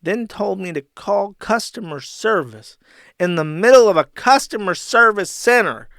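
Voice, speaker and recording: A man doing a drunk, indignant ranter, his voice pushed high and loud, the whole thing sounding like a mocking send-up. The recording is dry and close. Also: unhurried, clean tone, dry recording, full character voice. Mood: furious ranting. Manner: shrill, indignant ranting. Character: outraged drunk man ranting at an airline.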